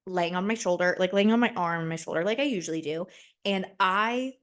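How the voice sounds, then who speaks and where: A woman's voice: fairly low pitch, brisk. A woman in her twenties hosting a solo podcast, talking casually and animatedly, rambling with lots of "like" and "right?" and swearing freely. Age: 20s. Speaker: podcast host.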